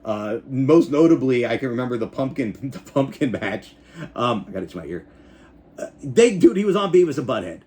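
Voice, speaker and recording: Man, 40s, vlog host; rambling, profane, very animated delivery with a wide pitch swing. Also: fairly quick. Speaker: YouTuber and backyard wrestling show host. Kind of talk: casual reaction vlog.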